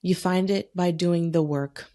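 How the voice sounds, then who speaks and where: A woman hosts a solo podcast in a fairly low, mellow voice with fairly even intonation and a measured pace. She talks bluntly, swears a lot and fires off emphatic rhetorical questions while talking herself through her feelings aloud.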